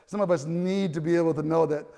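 A male pastor preaching a sermon in a church, animated and conversational, with stammering restarts and loud cries at the high points. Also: fast, gravelly, in a large hall.

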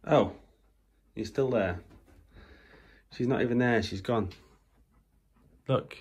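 Home-video mum, low, unhurried voice, coaxing pet talk. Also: female voice, a little mellow, breathy edge. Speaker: dog owner and new mother filming at home. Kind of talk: home video, talking to her dogs. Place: family home.

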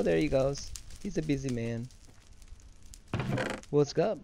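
A man's voice: fairly high pitch, moderate pace, creaky, long pauses, dark tone, slight background noise. A man giving casual, rambling gameplay commentary for his channel, drowsy and easily distracted. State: sleepy, yawning. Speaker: gamer and video host.

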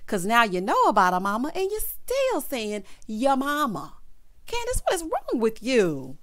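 Sassy, animated woman recapping reality TV. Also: mid-range voice, brisk. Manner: sassy, chatty, sprinkles "honey", "baby" and "child"; animated, breaks into loud hollering laughs. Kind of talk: casual recap commentary.

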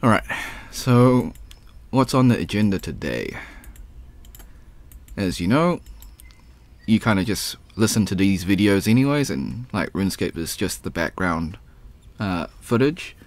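A man with a hoarse, raspy voice from the flu, rambling casually and clearing his throat while talking over his gameplay. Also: on the low side, expressive, a little slow. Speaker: gaming vlogger.

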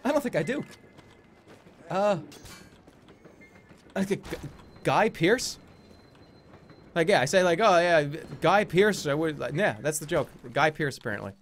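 A man streaming a game, chatting casually in a rambling, jokey way, sometimes jumping into loud, high mock-announcer bits. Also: lively intonation, moderate pace, long pauses. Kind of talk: casual gaming stream chat. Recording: game gunfire noise behind voice.

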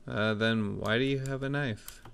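A man's voice: medium pitch, fairly even intonation, a little slow, gravelly, fairly bright tone, clean tone. A man reading the lines of a suspicious male farmer in a game, questioning in a mildly accusing way, close to his own voice.

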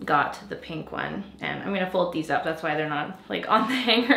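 A woman's voice: fairly low pitch, lively intonation, brisk, few pauses, a bit bright. Gushing young woman in a roomy room. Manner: gushing, bubbly, laughs often. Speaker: lifestyle vlogger. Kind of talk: casual haul chat to camera. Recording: roomy echo.

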